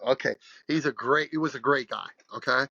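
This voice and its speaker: Man, 60s, coach guest: gravelly and sharp, animated and blunt, dry muffled recording. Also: medium pitch, brisk, dry recording. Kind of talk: podcast interview storytelling.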